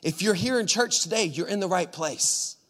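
High-voiced preacher man. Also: moderate pace. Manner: dramatic storytelling, swinging from hushed to shouting. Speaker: pastor. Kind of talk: sermon. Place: church.

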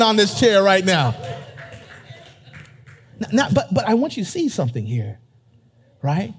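A male pastor preaching to his congregation in a church. His voice sits high and has a husky edge. He presses his points with emphasis and calls out for the crowd to answer. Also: huge pitch swings, unhurried, long pauses. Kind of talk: sermon.

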